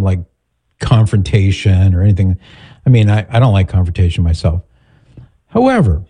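A man speaks with a deep, warm voice, giving measured, direct advice. His delivery is calm and steady. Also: slightly rough. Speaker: host giving advice to a caller. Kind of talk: advice call-in talk.

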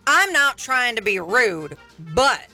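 Sassy drawling country woman, played by a woman, bright-toned. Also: fairly high pitch, sing-song, slow pace, faint music behind, heavily acted. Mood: teasing. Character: sassy rural Southern woman.

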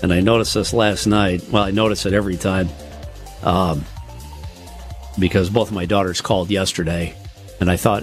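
A man co-hosting a casual morning radio show, reading news items and adding quick asides. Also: sits low, fairly even intonation, faint music behind. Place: radio studio.

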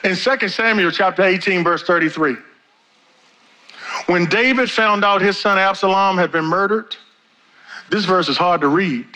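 A middle-aged male pastor preaching a sermon, with big swings in pitch and pace. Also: moderate pace, long pauses, bright, forceful tone, low-quality recording.

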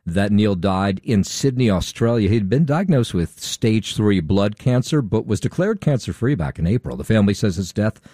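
A man anchoring a morning radio newscast, reading headlines, markets and traffic in a brisk, matter-of-fact way. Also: on the low side, lively intonation, warm tone, dry recording, studio quality. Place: radio studio. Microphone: studio microphone.

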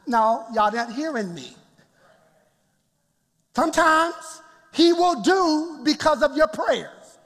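A male pastor preaching a lively sermon in a church, often chuckling and calling out to the congregation. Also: very high voice, takes it slowly, pauses often. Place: church sanctuary. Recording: long church reverb.

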